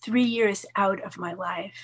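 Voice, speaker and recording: Older woman reading poetry, measured. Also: slightly rough. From New York, USA. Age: 70s. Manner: measured, expressive reading, soft voice dropping low on some lines. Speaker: poet. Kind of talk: poetry reading with casual asides.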